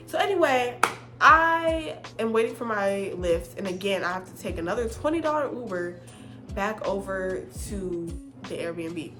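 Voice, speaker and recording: A woman vlogger telling a dramatic personal story in an animated, expressive, casual way, swearing often. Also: mid-range voice, a little slow, over music. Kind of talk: storytime vlog.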